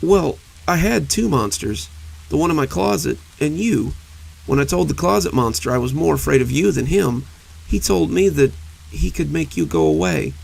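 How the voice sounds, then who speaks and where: A man voicing a timid monster hiding under a bed, frightened, pleading and quick to bluster, with a creaky, husky voice. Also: fairly high pitch, big pitch swings, a little mellow, full character voice, poor audio. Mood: apologetic.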